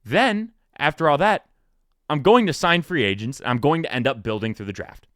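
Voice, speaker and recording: Talking at a moderate pace over a dry, clean studio recording, a twenty-something man runs a solo sports podcast. He's casual, animated and joking, and his pitch leaps to stress his points.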